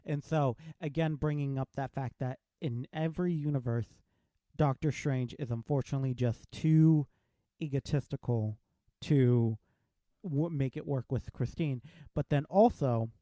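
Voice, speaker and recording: A man's voice: mid-range voice, unhurried, dark tone, dry recording. A man hosting a podcast, chatting casually as he reviews a film and retells its scenes with quoted lines. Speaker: podcast host.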